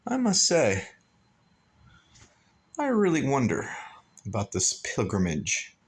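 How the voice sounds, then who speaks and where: A man's voice: mid-range voice, huge pitch swings, takes it slowly. A man on a pilgrimage talking to his phone camera in a hotel room, rambling and emotional as he thinks aloud. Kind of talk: rambling vlog monologue.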